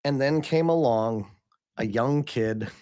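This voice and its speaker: A man's voice: medium pitch, slow pace, dark tone, clean tone. Skeptical male co-host pushing back. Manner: skeptical challenger, pushes back. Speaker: debate show co-host. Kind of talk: debate banter.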